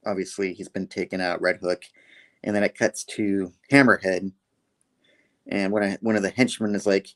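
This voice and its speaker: A man's voice: sits low, little pitch movement, normal speed. A man co-hosting an online comic review show, recapping the plot loosely with lots of fillers over a remote call link. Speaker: comic book reviewer and co-host.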